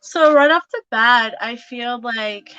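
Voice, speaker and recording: A woman's voice: a little high, takes it slowly, sharp tone, clean tone, dry recording, dull audio. A woman giving a casual tarot reading, chatty and full of fillers, laughing often. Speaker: tarot reader.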